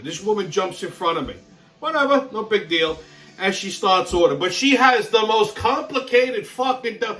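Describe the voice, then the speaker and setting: A man's voice: sits high, animated, moderate pace, bright, forceful tone, rough recording. A man hosting his own show, ranting in a brash, foul-mouthed, exasperated way, with a profane comedic style. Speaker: host.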